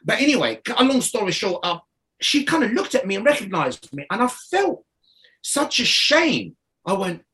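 Man, guest, casual storytelling, rambling, high voice. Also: very animated, normal speed, bright, forceful tone. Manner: rambling, laughing, many restarts.

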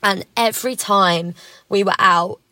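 A woman's voice: medium pitch, a little slow, bright, forceful tone, no echo. A woman as a podcast guest, speaking frankly and emotionally, often restarting her sentences. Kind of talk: candid personal interview.

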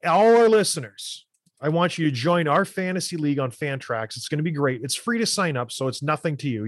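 A man's voice: on the high side, no room sound, clean studio sound. A man hosting a podcast, a former hockey player who talks in a fired-up, emphatic way, full of repetition. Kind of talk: casual chat and ad read.

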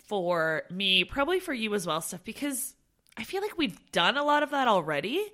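A woman co-hosting a podcast, chatting casually and teasing her friend with animated stories. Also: mid-range voice, normal speed. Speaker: podcast co-host. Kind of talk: casual chat.

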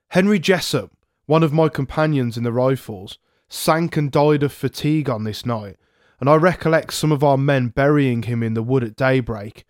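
Measured male memoir narrator, dry sound. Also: mid-range voice, no room sound. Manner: measured first-person storytelling. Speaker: podcast narrator. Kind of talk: reading a historical memoir aloud.

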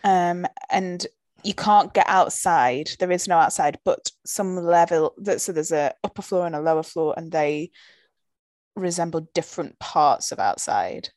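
A young woman co-hosting a casual book chat, with quick jokes and frequent agreeing interjections. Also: lowish voice, a little mellow, dry recording, clean studio sound. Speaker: podcast co-host.

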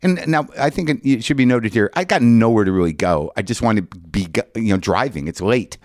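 A man hosting a podcast, telling a long comic story in an animated, profane, self-mocking way. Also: lowish voice, brisk, no echo, clean studio sound. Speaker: podcast host.

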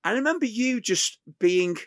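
Middle-aged guy hosting, stammery repeats, kinda high voice that bounces around. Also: animated, fairly bright tone, no echo, clean studio sound. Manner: halting, repeats words while forming questions. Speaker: host chef interviewer. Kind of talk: casual interview chat.

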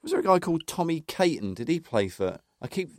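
A man's voice: a little high, sing-song, brisk, a little mellow, no echo, studio quality. A man co-hosting a casual football podcast, reading from notes and recounting old match details. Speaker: podcast co-host.

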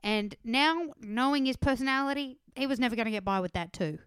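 A woman's voice: a little high, a little fast, a bit bright, clear, resonant tone, no echo, studio quality. Chatty woman recapping a dating show. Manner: chatty, laughing, playful impressions. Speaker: podcast co-host. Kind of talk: casual chat recapping a reality dating show.

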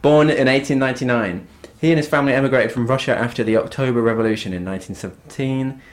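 A man's voice: mid-range voice, fast talker. Wry man discussing books. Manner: wry, relaxed, fluent lecturing. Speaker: podcast co-host. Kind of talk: casual literary discussion.

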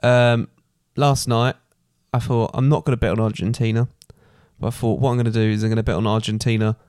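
A man's voice: mid-range voice, flat delivery, a little fast, darkish tone, clear, resonant tone, no room sound, clean studio sound. A young man hosting a podcast with his father, chatting casually and joking around. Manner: playful, joking. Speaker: podcast host, son. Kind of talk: casual chat.

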